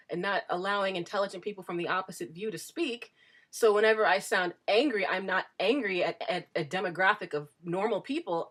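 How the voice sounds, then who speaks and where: A woman vlogger speaks straight to her audience in a monologue of her own views. She is emphatic and earnest, hitting key words hard and often restarting a phrase as she presses her point, in a voice of ordinary pitch for a woman. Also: fairly bright tone. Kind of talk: opinion monologue to camera.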